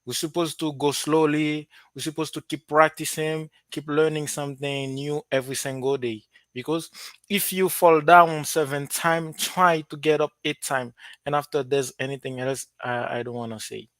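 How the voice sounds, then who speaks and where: A man's voice: a little high, fairly even intonation, moderate pace, a bit bright, dry recording. A man with a Haitian accent, a student who serves as translator, earnestly advising classmates with proverbs.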